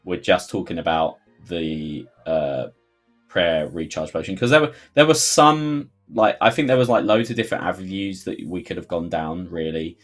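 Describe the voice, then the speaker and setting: A man with a London accent, a game developer, hosts a livestream Q&A in a low voice at a moderate pace, with soft music in the background. He's chatty and rambling, full of fillers and sudden jokey outbursts.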